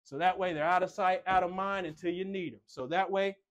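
A man with a fairly high voice leads a walk-through of a home. He talks like a playful showman, cracking jokes and bragging about himself as he goes. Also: fairly even intonation, fairly quick, muffled recording. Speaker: tour host. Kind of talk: enthusiastic home tour presentation.

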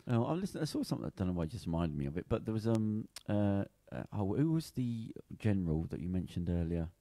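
A man's voice: fairly low pitch, sing-song, quick pace, mellow, dry recording. A man co-hosting a podcast, rambling and trailing off as he searches for words. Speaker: podcast co-host. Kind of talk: casual chat.

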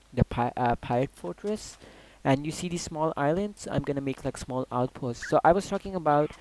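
Excitable man narrating his gameplay. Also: medium pitch, a little hiss or hum, rough recording. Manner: excitable, loud outbursts, swears and jokes. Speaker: gaming YouTuber. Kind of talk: casual gameplay commentary.

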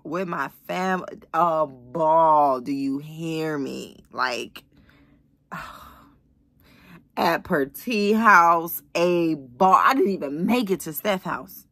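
A woman's voice: low voice, animated, extremely slow, fairly bright tone. A woman of thirty who has just woken up and sounds tired, chatting expressively in a casual vlog, calling her viewers y'all and baby. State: just woke up, tired and groggy. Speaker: vlogger. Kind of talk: casual morning vlog chat. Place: bedroom, lying in bed.

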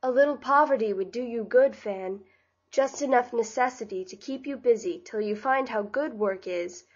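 A woman reading the part of a cheerful, bustling young woman in an audiobook, with a brisk, bright delivery. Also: fairly high pitch, highs cut off, close to an everyday voice.

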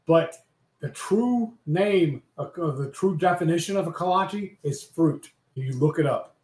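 A man's voice: fairly high pitch, lively intonation, unhurried, darkish tone, echoey room. A man co-hosting a cooking livestream, bantering casually and joking. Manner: joking, matter-of-fact banter. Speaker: co-host.

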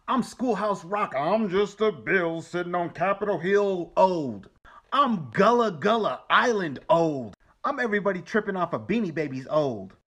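A man with a fairly high voice fires off a rapid list of jokes. Each line lands with a punchy, repetitive rhythm. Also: fairly bright tone. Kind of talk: comedic nostalgia list.

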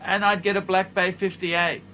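A man's voice: high voice, level tone, normal speed, bright, forceful tone, slight background noise. A man in his fifties giving blunt, profane, emphatic advice, talking casually in his office studio. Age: 50s. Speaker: watch reviewer.

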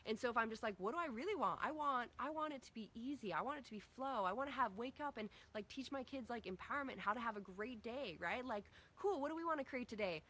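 A woman's voice: on the high side, fast, hardly any pauses. A middle-aged woman coaching a group on parenting, casually acting out talks with her kids. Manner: energetic, acts out dialogue with her kids.

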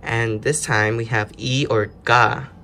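Man, mid-pitch, casual lesson host, explains step by step, faint noise behind. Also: fairly even intonation, normal speed, pushed and bright. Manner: explains step by step, loose and chatty. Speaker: language learner host. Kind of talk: casual self-study lesson.

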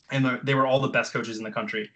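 A man's voice: medium pitch, a bit bright, poor audio. A man in his twenties, a coach, telling his story in casual, profane, filler-heavy chat. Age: 20s. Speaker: jump training coach.

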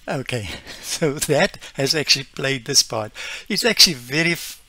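A man talks through a screen-recorded software demo, his voice bright and forward. He is upbeat and a little rambling, and he sounds close and dry on a desk mic. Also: medium pitch, expressive, normal speed, no echo. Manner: enthusiastic, explains step by step with many fillers. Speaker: tech vlogger.

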